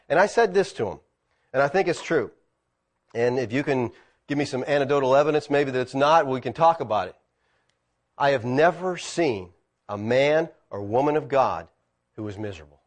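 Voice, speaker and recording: A middle-aged male pastor preaching a sermon, swinging between loud emphatic peaks and quiet asides. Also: medium pitch.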